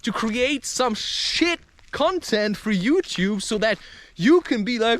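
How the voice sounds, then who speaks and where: High-voiced man rambling slowly outdoors. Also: expressive, fairly bright tone. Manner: profane, playful, slips into mock voices. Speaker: vlogger and podcast host. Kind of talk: rambling casual monologue. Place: outdoors in a forest.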